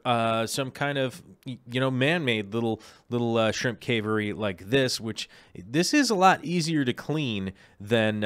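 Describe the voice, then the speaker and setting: A man hosts a casual live stream, talking through questions in a loose, rambling way, full of ums and self-corrections. His voice sits a little low and sounds smooth and clean. The recording is dry and close, with no room sound. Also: a bit bright, dry recording. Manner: rambling, many ums and restarts. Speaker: aquarium show host.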